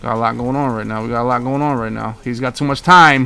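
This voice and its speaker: A young gaming streamer calls his own match in a mid-pitched, smooth voice. He talks straight to his chat, teasing his opponent and repeating lines for effect. Faint music plays underneath. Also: steady tone, quick pace, few pauses, sharp tone. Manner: hyped, trash-talking, repeats himself to the chat. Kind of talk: live gameplay commentary.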